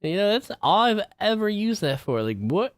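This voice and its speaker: A man's voice: high voice, lively intonation, moderate pace, clear, resonant tone, no room sound. A man vlogging in a casual, rambling monologue, swearing freely and getting worked up as he talks. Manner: profane, rambling, gets worked up.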